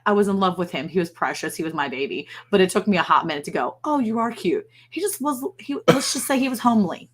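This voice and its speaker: A middle-aged woman hosting a casual livestream chat, gushing and telling stories in a chatty, animated way. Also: medium pitch. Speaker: livestream host.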